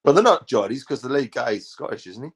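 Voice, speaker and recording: A man's voice: medium pitch, animated, quick pace, slightly rough. A man, chatting casually in a hesitant, easygoing way. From North East England. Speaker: podcast co-host. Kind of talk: casual chat.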